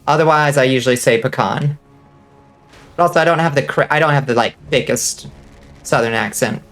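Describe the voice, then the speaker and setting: A woman's voice: a bass voice, quick pace, soft background music. Chatty swearing woman gaming streamer. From US South. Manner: chatty, swears freely, laughs often. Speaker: vtuber streamer. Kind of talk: casual gaming stream chat.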